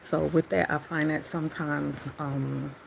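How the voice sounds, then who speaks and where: A woman's voice: deep voice, flat delivery, unhurried, creaky, slight background noise, poor audio. A woman sharing a casual devotional talk, rambling and reflective and often correcting herself. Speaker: faith vlogger.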